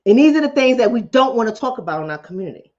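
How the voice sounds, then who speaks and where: High-pitched lady doc ranting at her live chat, blunt and preachy, repeats herself a lot, kinda muffled lo-fi audio. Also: sing-song, racing, a little mellow. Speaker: psychologist host of a live stream. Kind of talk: casual live-stream talk answering chat.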